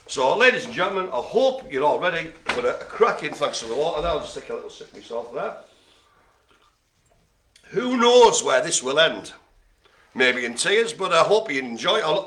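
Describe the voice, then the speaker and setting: A man's voice: a little high, fairly bright tone, roomy sound. A British man hosting a live bingo game with jokey, hammy banter. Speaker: bingo host. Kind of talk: live comic bingo calling.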